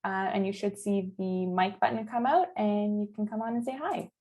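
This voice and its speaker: A woman's voice: mid-range voice, normal speed, darkish tone. A woman moderating an online webinar, plain and helpful as she gives instructions.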